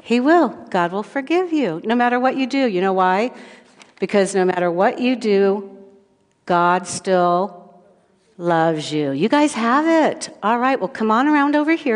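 A woman's voice: mid-range voice, expressive, a little slow, long reverb tail. A woman giving a children's sermon in church, asking the children questions and telling playful stories from her own childhood.

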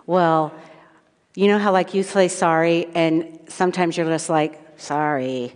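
A woman leads a children's sermon, her voice sitting a little low for a woman. She asks the children questions and tells playful stories from when she was small. The sound carries the long reverb of a large church hall. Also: steady tone, measured pace, a little mellow.

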